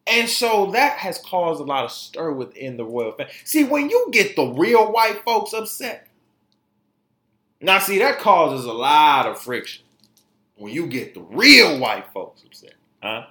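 A man's voice: a little high, unhurried. A male podcast host giving casual, joking commentary on celebrity news, full of slang and frequent laughs. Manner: animated, joking, laughs often, slang-heavy. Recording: echoey room.

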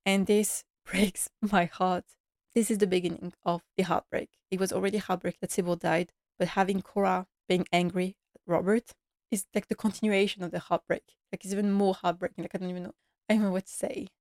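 A woman podcast host recapping a sad episode while tearful, speaking in an emotional, halting way. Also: on the low side, darkish tone, no room sound, studio quality.

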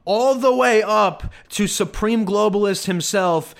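A man's voice: high voice, measured pace, vocal fry, hardly any pauses. A man hosting a podcast, delivering a sarcastic, indignant rant as commentary. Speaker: podcast host. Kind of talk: ranting commentary.

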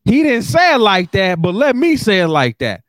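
High-voiced man ranting on a podcast. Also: normal speed, dry recording. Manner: animated, profane, emphatic ranting. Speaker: podcast co-host. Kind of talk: casual chat.

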